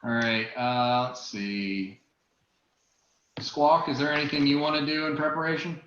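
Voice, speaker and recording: A man's voice: on the high side, fairly even intonation, measured pace, fairly bright tone. A man running a tabletop game as game master, hesitant, with many ums and uhs. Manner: hesitant, lots of uh and um. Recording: roomy, dull lo-fi sound.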